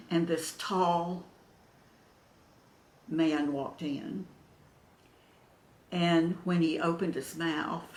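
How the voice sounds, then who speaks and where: A woman's voice: on the low side, roomy sound. An older woman, telling a personal story to camera in an emotional way, acting out what other people said.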